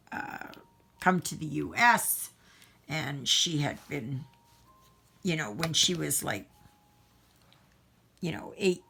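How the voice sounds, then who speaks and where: Middle-aged woman from Canada, casual rambling chat, bright tone, slow pace. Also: deep voice, vocal fry. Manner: rambling, self-interrupting, chatty. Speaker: craft vlogger. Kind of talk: casual chat while crafting.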